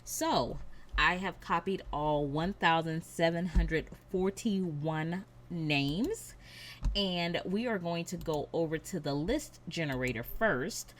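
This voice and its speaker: A woman hosting a craft channel, announcing giveaway winners to her viewers and reading out names and numbers slowly and carefully. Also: on the low side, a little hiss or hum.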